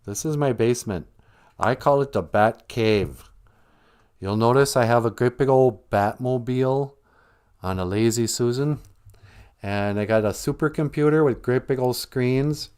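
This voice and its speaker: A man's voice: medium pitch, measured pace, a little mellow, smooth, lightly acted. A man voicing a smug, self-pitying rich hero who brags and keeps bringing up his own loss, in a comic spoken retelling. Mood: boastful. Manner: boastful, oblivious, talks up his own sad past.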